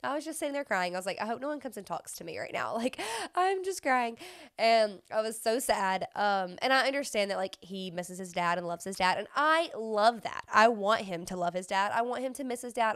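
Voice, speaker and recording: A woman's voice: mid-range voice, fairly bright tone, no echo, studio quality. A young woman hosting a podcast, telling stories in a casual chatty way, sniffling from a runny nose and filling her talk with "like". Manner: chatty, sniffly, filler-heavy storytelling. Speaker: podcast host. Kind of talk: casual chat.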